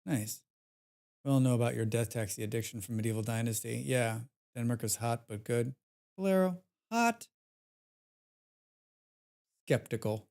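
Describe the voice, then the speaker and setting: A male game streamer talking to his live chat in a loose, rambling way, full of fillers and restarts. His voice sits at an ordinary middle pitch and picks up energy when he gets into a story about his play. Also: normal speed, vocal fry, long pauses. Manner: rambling, filler-heavy, reads chat aloud; grows animated when recounting gameplay.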